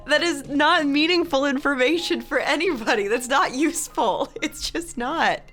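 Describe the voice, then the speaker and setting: A young woman streamer chatting casually with her live chat, rambling and animated, laughing often and reading messages aloud. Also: sits high, moderate pace, hardly any pauses, faint music behind. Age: young adult.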